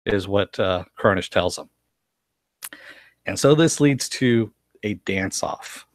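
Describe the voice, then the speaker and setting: A man with a fairly low voice talks through a TV episode in a loose, chatty live recap. He laughs often as he retells the scenes. The sound is dry and close, with no room echo. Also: expressive, slow pace, pauses often. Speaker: show reviewer.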